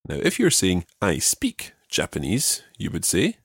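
A man with a low, slightly husky voice teaches a podcast language lesson. His pitch moves a great deal as he patiently repeats phrases slowly for listeners. The sound is dry and close. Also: huge pitch swings, dry recording.

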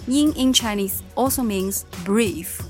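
A woman's voice: fairly high pitch, slow pace, soft background music. A woman teaching a language lesson, patiently explaining what words mean in plain terms.

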